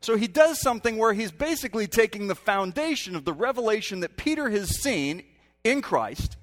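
A man's voice: high-pitched, big pitch swings, moderate pace. A man preaching a sermon from a stage, talking conversationally and then breaking into sudden emphatic rises. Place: stage in a church hall. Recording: long hall reverb.

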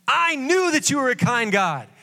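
A man's voice: extremely high pitch, big pitch swings, moderate pace, vocal fry, sharp tone, voice pushed up, heavily acted. A sulking prophet whines and complains in a raised, strained voice, as a preacher puts him on. The voice climbs well above a normal man's range, full of exasperation. A long hall reverb trails every word. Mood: whining. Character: whiny, sulking adult male prophet.

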